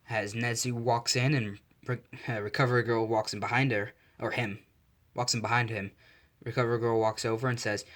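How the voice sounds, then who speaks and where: A man's voice: on the low side, flat delivery, normal speed, fairly bright tone. A man narrating a fan fiction story casually, often correcting himself mid-sentence.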